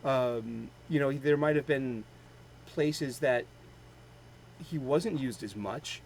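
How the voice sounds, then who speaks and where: A man's voice: medium pitch, darkish tone, slight background noise, low-quality recording. A man with a Boston accent hosting a daily show, chatting casually with many fillers and restarts, full of a fan's enthusiasm. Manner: rambling, halting, with many fillers; enthusiastic fan. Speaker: host of a daily comics show. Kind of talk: casual chat.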